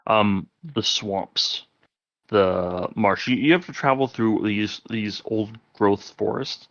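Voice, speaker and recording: A man's voice: on the low side, slow pace, fairly bright tone, dry recording. A man narrating as game master in a loose, rambling way with many fillers. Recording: dry, dull lo-fi audio.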